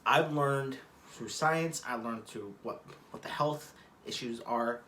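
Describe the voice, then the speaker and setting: A man's voice: medium pitch, slow pace, sharp tone, a little hiss or hum. A man talking casually to camera from a room at home, rambling and cursing as he digresses. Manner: rambling, profane, restarts and digressions. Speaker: vlogger.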